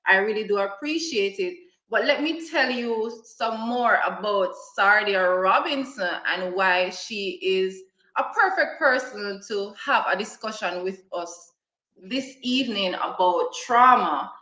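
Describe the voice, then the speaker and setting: A woman hosts a live online talk, introducing her guest at an unhurried pace. Her voice is bright and somewhat high. The room around her sounds echoey. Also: expressive. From Jamaica. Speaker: host.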